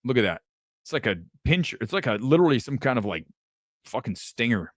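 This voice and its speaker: A man hosting a casual live commentary show, animated and profane, jumping from topic to topic. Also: mid-range voice, a little fast, no room sound, studio quality. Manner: animated, swearing, jumps between topics. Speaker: host.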